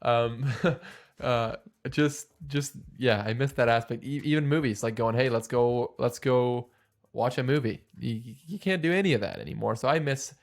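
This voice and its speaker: A man's voice: medium pitch, moderate pace, creaky. A man co-hosting a podcast in casual chat, rambling with chuckles and poking fun at himself. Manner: rambling, chuckling, self-deprecating. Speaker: podcast co-host.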